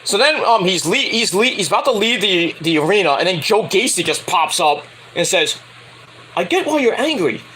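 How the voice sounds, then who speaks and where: A man giving a rambling, casual spoken review of a wrestling show, excitable and swearing freely. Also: high-pitched, normal speed, hardly any pauses, a little hiss or hum, poor audio.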